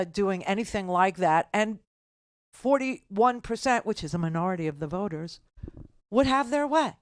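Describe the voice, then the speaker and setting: Older woman talk radio host, sarcastic and indignant, mid-pitched, dry close mic. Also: no echo. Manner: indignant, sarcastic, rapid asides. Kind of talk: political talk radio monologue.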